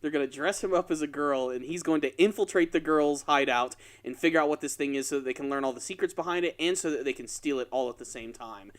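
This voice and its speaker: A man co-hosting a casual podcast, retelling a story with lively energy and putting on quick voices for the characters. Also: a little high. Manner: animated storytelling, acts out quoted lines in exaggerated voices. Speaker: podcast co-host.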